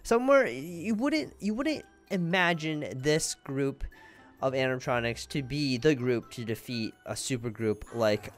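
A man hosting his gaming channel, giving chatty, excitable gameplay commentary and talking straight to his viewers. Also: medium pitch, a little slow, no echo, soft background music. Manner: excitable, chatty, keeps addressing viewers as guys.

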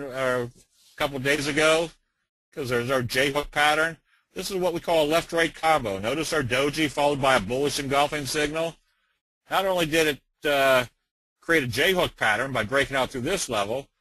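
Bright-voiced, folksy middle-aged man. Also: fairly high pitch, dry recording, rough recording. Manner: plain-spoken, folksy, frequent "uh" fillers. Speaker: trading educator. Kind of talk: webinar presentation.

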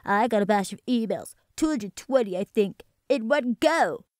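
A man voicing a strange-accented parody of a British YouTuber, sometimes sinking into breathy whispers. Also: sits high, lively intonation, moderate pace, darkish tone, no echo, studio quality. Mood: theatrical. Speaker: hired voice actor.

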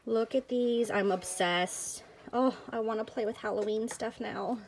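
A woman vlogger chatting excitedly to viewers as she unboxes a package of craft supplies. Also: a little high, a little slow, creaky, slight background noise. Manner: gushing, excitable, addresses viewers as you guys. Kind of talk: casual unboxing chat.

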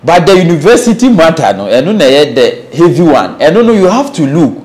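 A man with a Ghanaian accent giving spiritual predictions in a casual interview, talking in an animated, preachy way. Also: fairly high pitch, brisk. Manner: animated, preachy, quotes others in put-on tones. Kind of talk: casual interview talk mixing English and Twi.

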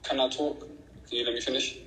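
A man's voice: medium pitch, flat delivery, fairly quick, sharp tone, reverberant, rough recording. A young man with a London accent chatting on a livestream from outside his house at night, laid-back and a bit defensive. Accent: London English. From London, England. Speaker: livestream guest. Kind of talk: casual livestream chat.

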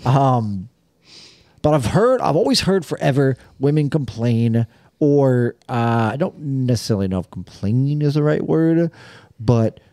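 A young man on a podcast mic, trading crude jokes and laughing through his stories. His pitch bounces all over the place, and the sound is close and dry with no room around it. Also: expressive, unhurried, dark tone, no room sound. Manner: crude, joking, laughs often. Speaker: podcast co-host. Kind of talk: casual chat.

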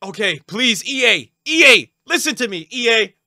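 A young adult man streaming live, opening packs and talking to his chat, often shouting with excitement. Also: extremely high pitch, moderate pace, no room sound, studio quality.

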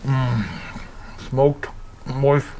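A man's voice: mid-range voice, level tone, very slow, warm tone, a little hiss or hum. A man hosting a casual home cooking video, showing off smoked meats and tasting them with eager murmurs of delight. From Pennsylvania. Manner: enthusiastic, tasting and reacting with pleased murmurs.

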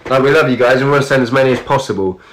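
A man's voice: mid-range voice, rapid-fire, fairly bright tone, slight background noise. Giggly man reading comments. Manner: giggly, reads out usernames. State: ill, ears blocked. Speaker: livestream host reading comments. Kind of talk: casual live-stream chat.

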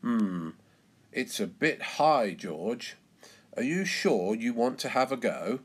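A jolly storybook dad pig, chatty and a touch anxious at the fair, as a man puts him on. He speaks slowly, his voice rising and falling in wide arcs. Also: medium pitch, big pitch swings, breathy edge, exaggerated voice. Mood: nervous. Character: jolly, nervous father pig.

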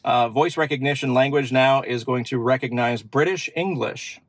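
Sitting in his parked car, a car-channel host walks viewers through its features in a relaxed demo, musing aloud with plenty of fillers. His voice is mid-range, his speed normal, and there's no echo.

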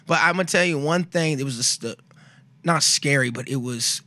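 A man and comedian chatting on a podcast, telling stories in a lively way, acting out his family's lines with plenty of swearing. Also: a little high, moderate pace, no room sound. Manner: animated storyteller, acts out family dialogue with swearing. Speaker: comedian guest. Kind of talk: casual podcast chat. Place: podcast studio.

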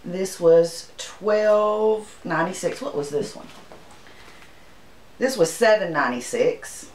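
A woman's voice: lowish voice, darkish tone, roomy sound, a little hiss or hum, poor audio. A woman, from Arkansas, chatting casually and homily as she shows her shopping haul to the camera. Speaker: channel host.

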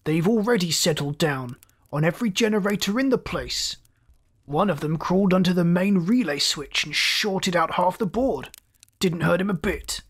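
A hot-tempered male chief engineer on a mining freighter roars and snaps orders in this story reading, as a storyteller puts him on. His voice sits at a middle pitch, loud and blunt in delivery. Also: animated, normal speed, breathy edge. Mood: raging. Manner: roaring, snapping orders.

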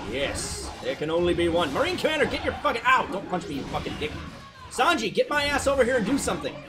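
A man co-hosting a video game let's play, goofy and loud, with sudden shouts and swearing. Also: very animated, fast, over music. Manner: goofy, loud outbursts, swearing, put-on deep voice. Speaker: gameplay co-host.

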